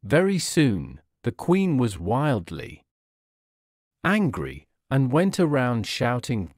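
A man narrating a story slowly and clearly for English learners. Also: mid-range voice, huge pitch swings, darkish tone, no echo, clean studio sound.

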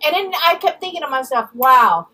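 A woman's voice: on the high side, animated, normal speed, sharp tone, slightly rough, far from the mic, poor audio. A woman ranting angrily and bluntly in a storytime vlog, swearing freely and mimicking other people's words. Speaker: vlogger.

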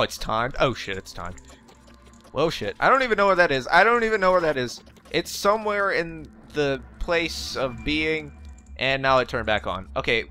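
A young let's play gamer delivers casual, jokey commentary in a pushed, bright, mid-range voice, talking back to the game and swearing now and then. He's on a facecam desk mic with game music playing underneath.

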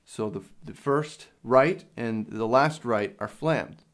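A man's voice: medium pitch, slow pace. A young man teaching a drum lesson, explaining each step plainly, with some fillers along the way. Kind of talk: instructional lesson. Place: drum studio. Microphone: handheld field recorder.

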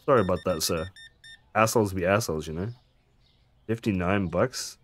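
A man's voice: sits low, normal speed, slight background noise. A man casually commenting on his gameplay, chatty and jokey, swearing now and then and making asides to his viewers. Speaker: gaming streamer.

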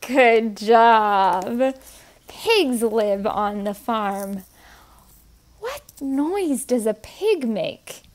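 Woman, young adult, story time leader, sing-song, bouncy lively pitch, high voice. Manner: sing-song, coaxing, sounds words out slowly. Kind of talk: teaching toddlers words.

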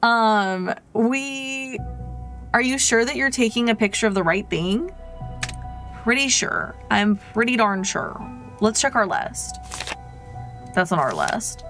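A higher-voiced woman chats with her viewers over a game, taking her time and telling stories with animated energy. Soft music plays faintly underneath her voice. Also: slow, pauses often. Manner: chatty, animated storyteller talking to chat. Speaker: game streamer. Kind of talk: casual gameplay chat.

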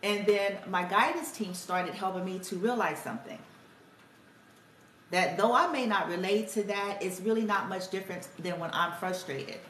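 A woman's voice: medium pitch, normal speed, fairly bright tone, distant mic, a little hiss or hum. A woman telling a reflective, conversational story about her parenting, quoting her son and herself as she goes. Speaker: spiritual healer and parent vlogger. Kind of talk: casual storytelling monologue. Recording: echoey room, somewhat off-mic, faint ambience.

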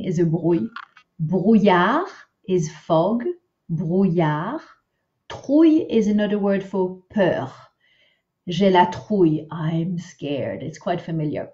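Slow, low-voiced woman teaching pronunciation. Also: mellow, highs cut off. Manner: patient, models words slowly and repeats them; chatty asides. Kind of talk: online pronunciation lesson.

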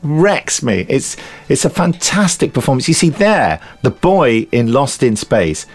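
A man's voice: medium pitch, a little slow. A man co-hosting a casual podcast chat, telling anecdotes with frequent laughter. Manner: animated storyteller, laughs often, acts out quotes. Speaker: podcast co-host.

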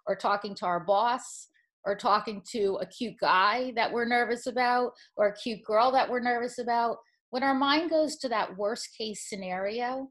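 A woman hosting a webinar conversation, talking casually and putting questions to her guest. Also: a little high. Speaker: webinar host.

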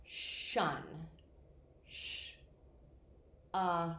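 A woman answers a tutor in short, careful replies, breaking words into sounds. She speaks very slowly and in a lowish voice, and the room adds a noticeable echo. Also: steady tone, fairly bright tone. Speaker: student in a demonstration. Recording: roomy.

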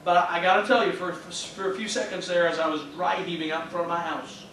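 A man's voice: sits high, little pitch movement, fast, hardly any pauses. A man in his thirties, a pastor, preaching a sermon with an earnest, heartfelt personal story and interjected praise. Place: church sanctuary. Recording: echoey church from a distance, faint hum.

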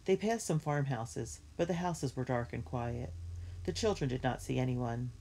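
A woman reading a children's book aloud in a clear, measured storytelling manner. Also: very deep voice, expressive, mellow, slight background noise. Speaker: reader.

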